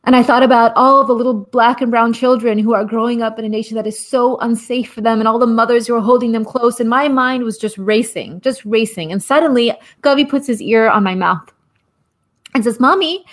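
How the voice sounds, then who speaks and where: A woman's voice: fairly high pitch, steady tone, fairly quick. A woman in her forties telling a personal story in an impassioned, earnest way, repeating phrases in a rhythmic cadence. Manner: rhythmic, repetitive, earnest, with soft laughs. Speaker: guest speaker, activist.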